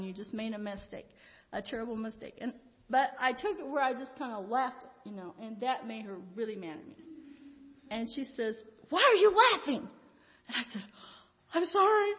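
A woman's voice: a little high, a bit bright. Older woman, folksy and rambling. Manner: rambling and folksy, with frequent chuckles. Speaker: lay speaker giving a Christian devotional talk. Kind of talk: informal devotional talk with personal stories. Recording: reverberant hall, dull lo-fi sound.

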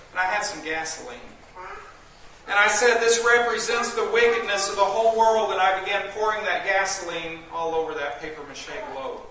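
Fervent preacher man in an echoing hall. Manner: emphatic, swings from loud declaiming to low intensity. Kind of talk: fervent sermon. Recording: echoey room, far from the mic, noisy.

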